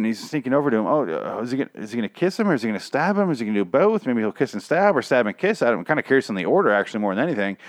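A man's voice: lowish voice, expressive, fast, dry recording, studio quality. Rambling, profane podcast man, strained voice. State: strained, recovering voice. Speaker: podcast host. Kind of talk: casual solo show recap.

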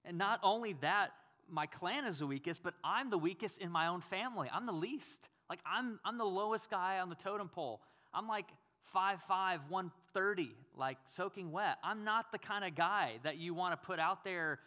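A man's voice: high voice, moderate pace, hardly any pauses, pushed and bright, pitched above the performer's own voice. A man voicing a timid young male farmer who protests that he is the weakest and least fit. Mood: protesting. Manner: protesting, self-deprecating.

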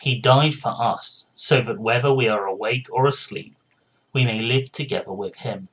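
Husky man reading scripture steadily. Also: medium pitch, moderate pace, fairly bright tone, poor audio. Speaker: scripture reader.

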